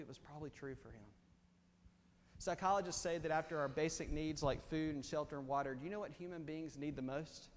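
Man, pastor, sermon, hushed to loud, long reverb, faint room ambience. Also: sits high, a little hiss or hum. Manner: impassioned, swings from hushed to loud.

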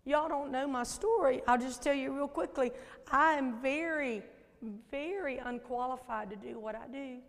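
A Southern American woman in her fifties preaching a lively, folksy sermon in a church sanctuary and questioning the congregation. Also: sits high, normal speed. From Southern United States. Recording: echoey church hall.

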